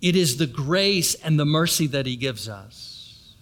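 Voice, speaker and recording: A man's voice: on the high side, expressive, unhurried, fairly bright tone. A man preaching a sermon, retelling a story and turning to the congregation with asides. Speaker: pastor.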